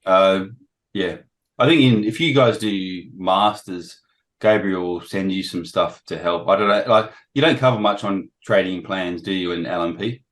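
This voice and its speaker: Hoarse low-voiced man presenting. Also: moderate pace, fairly bright tone, low-quality recording. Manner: frequent throat-clearing, self-deprecating. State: losing his voice, throat-clearing. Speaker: guest trader sharing experience. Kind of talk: casual presentation on a video call. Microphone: video call.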